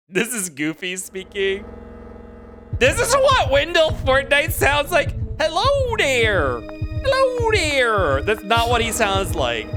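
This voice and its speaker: A rambling game streamer who talks casually, with lots of stops and restarts. The voice moves lively between high and low, and game music plays clearly in the background. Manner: rambling, with frequent fillers and restarts. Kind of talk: casual live-stream commentary.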